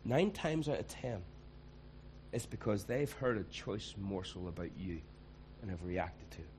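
A man's voice: sits low, measured pace, darkish tone, a little hiss or hum, poor audio. Man preaching a sermon. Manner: conversational, acts out quoted voices.

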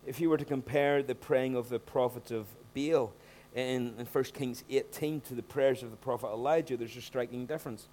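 A man preaching a sermon, talking in an animated way and rising to loud emphatic bursts when he acts out scenes. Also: mid-range voice, moderate pace, few pauses. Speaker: pastor.

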